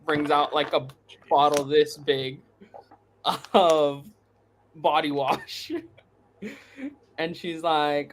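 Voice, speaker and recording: A man's voice: fairly high pitch, fairly even intonation, extremely slow, pauses often, a bit bright. A man on a podcast, laughing as he tells a travel story. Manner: laughs through his story. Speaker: podcast co-host. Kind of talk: casual chat.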